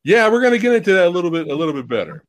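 Guy in his 40s hosting a stream, laughs a lot, pitch jumps all over, kinda high for a guy. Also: big pitch swings, very fast. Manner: laughs often, chatty with chat. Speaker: host. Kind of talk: casual livestream chat. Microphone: headphones or earbuds mic.

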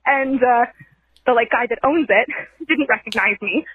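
Woman, high voice, breathy, loud and chatty, voicemail story, tinny phone line. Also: normal speed. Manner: loud, chatty, laughs while telling. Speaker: caller leaving a voicemail.

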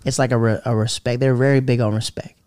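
With a medium-pitched, darkish, clean voice that barely moves in pitch, a stand-up from the American South rattles off a casual, rambling story. He leans heavily on "like" and impersonates the people he quotes, recorded in a clean studio with no echo.

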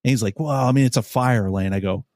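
A middle-aged male podcast host telling a story in casual chat, swearing often and loudly acting out what people said. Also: mid-range voice, quick pace, dry recording, studio quality. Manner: animated, swears a lot, acts out quotes loudly.

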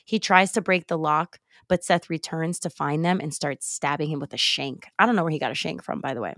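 A young woman hosting a podcast from home, retelling a movie plot in a casual, animated way, with sighs and laughs. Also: deep voice, fairly quick, no echo, studio quality. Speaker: podcast host. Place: home, late at night. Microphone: remote call recording.

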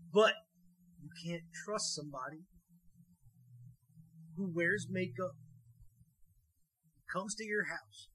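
Casual co-host, male, husky and bright, a bit high, animated and salty. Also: poor audio. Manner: animated, profane, repeats words when excited. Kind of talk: casual comedic chat.

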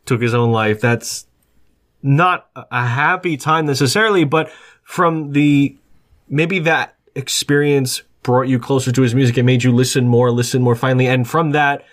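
A man's voice: mid-range voice, moderate pace. Hesitant young man, casual chat. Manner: hesitant, searching for words. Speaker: podcast co-host.

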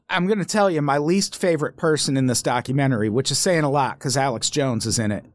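A man's voice: fairly high pitch, no echo, clean studio sound. A man co-hosting a podcast in casual chat, swearing often, sardonic and riffing. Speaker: podcast co-host.

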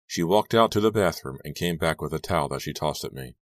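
A man reading a young-adult horror novel aloud, in a steady, measured manner. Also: extremely low pitch, dry recording. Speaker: audiobook narrator. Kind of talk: scripted narration.

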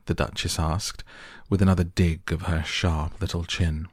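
A man narrating a storybook in a soft, slow, calm bedtime manner. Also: low voice, husky, no room sound, studio quality. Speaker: audiobook narrator.

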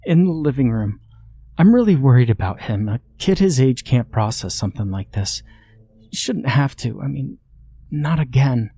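A man's voice: mid-range voice, animated, normal speed, warm tone, breathy edge, pitched above the performer's own voice. A man voicing a distraught, exhausted young woman in a horror story, tearful and shaky, breaking off mid-sentence.

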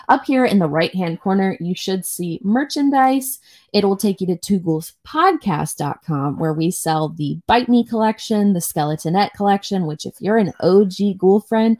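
A woman's voice: medium pitch, a little mellow. Chatty, rambling young woman podcast host. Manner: chatty, rambling, swears freely. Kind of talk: casual livestream chat.

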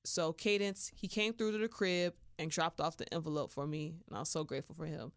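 A woman hosts a podcast and tells a personal story in a loose, chatty way. She is playful and animated, with slangy asides. Her voice is smooth and clear, and the recording is dry and close. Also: sits low, brisk, no echo. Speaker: podcast host.

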